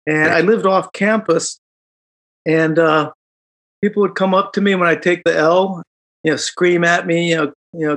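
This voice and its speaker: A middle-aged man, recounting a personal story in an interview, animated and reflective, with quick laughs and fillers. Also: high-pitched. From Chicago, United States. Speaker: guest.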